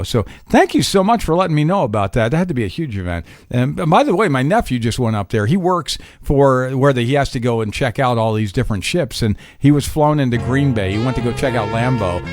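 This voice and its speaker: A man's voice: medium pitch, dry recording. A man hosting an oldies radio show from a studio, chatting in an upbeat, easily amused way about listener notes and birthdays. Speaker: radio host.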